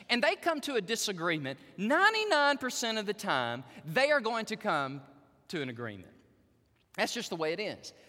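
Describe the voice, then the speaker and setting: Male pastor, sermon delivery, bright lively high voice, long hall reverb. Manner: animated storytelling, addresses the women in the audience directly.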